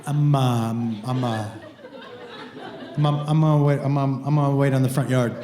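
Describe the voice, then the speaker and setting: A man's voice: mid-range voice, steady tone, background noise, pitched below the performer's own voice, lightly acted. A man voicing a nervous young male tutor who stammers and halts over his words. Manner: stammering, halting. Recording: roomy club with audience.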